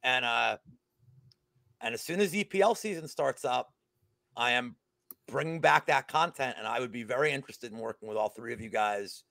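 A man guesting on a sports betting stream, chatting excitedly and swearing freely about his upcoming content. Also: mid-range voice, normal speed, vocal fry, dry recording. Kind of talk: casual chat.

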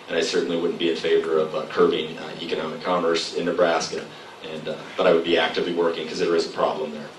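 A man answering as a candidate in a public debate, halting with many fillers. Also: low-pitched, monotone. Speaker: state senator, debate candidate. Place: public hall. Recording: echoey room from far off, faint noise.

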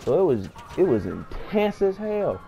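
Young man, slangy rambling storyteller, higher-pitched voice, loud hyped bursts. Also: very animated, a little slow, vocal fry, dull audio, soft background music. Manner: slangy, rambling with many fillers; hyped, acts out friends' voices in quotes. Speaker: storyteller vlogger. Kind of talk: comic story time.

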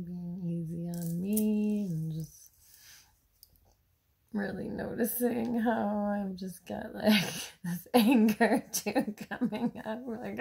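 A woman's voice: medium pitch, gravelly, a little mellow, breathy edge. A young adult woman vlogging about her day in a dreamy, gushing way, laughing often. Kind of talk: casual daily vlog.

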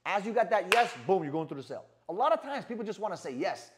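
Fast, animated man coaching sales. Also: high voice, background noise. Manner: brash, swears, keeps asking "right?". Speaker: sales trainer. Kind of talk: energetic sales coaching talk.

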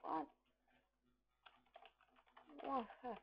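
A woman giving excitable live game commentary, shouting, swearing and making boom sound effects over a dull, lo-fi recording. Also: extremely slow. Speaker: gameplay commentator.

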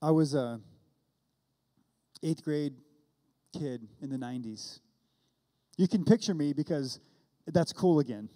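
A man's voice: fairly high pitch, a little slow, long pauses, mellow. A man in his thirties preaching a sermon as a pastor, telling a personal story and acting out the dialogue. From California. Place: church.

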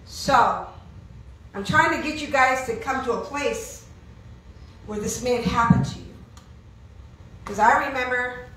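A woman with a high, bright voice delivers an animated sermon, often turning to her listeners with questions. She is picked up from a distance in a big, echoey hall, with faint room ambience behind her. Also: slight background noise. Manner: animated, asks the audience questions, acts out voices of friends. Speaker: preacher. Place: church hall.

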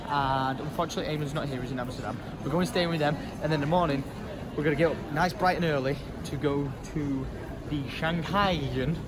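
A young man chatting casually and jokily to camera for his vlog. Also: on the high side. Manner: chatty and jokey, teasing. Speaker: vlogger. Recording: noisy street and travel background.

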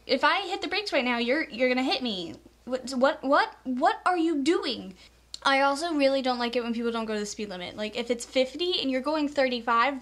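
Young female vlogger, high voice, fed-up ranting tone, acts out annoying people. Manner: exasperated, mocks others in quoted voices. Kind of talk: casual rant to camera.

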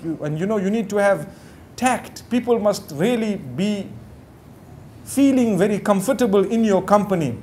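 Here the preacher's voice sits high and a little mellow, with a faint hiss or hum in the recording. He's a middle-aged Islamic preacher giving a live sermon-style lecture, chatting loosely with many "you know" asides and voicing others' quoted lines.

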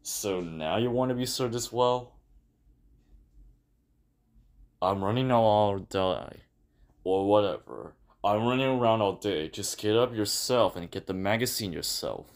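A man's voice: fairly low pitch, lively intonation, normal speed. A man voicing a fussy, nagging cartoon man in a fan animation dub, scolding in a plain voice.

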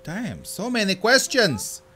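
A man hosting a let's-play, reacting excitably, swearing casually and chattering to the creature in the game. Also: sits high, takes it slowly, soft background music. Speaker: gaming channel host.

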